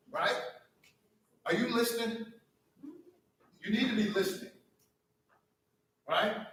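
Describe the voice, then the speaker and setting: High-voiced man preaching to a hall. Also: a bit bright. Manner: preacher-like, fires rhetorical questions at the crowd. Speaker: school district leader addressing staff. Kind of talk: motivational speech to a live audience. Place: large echoey hall. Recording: echoey hall from far off with faint noise.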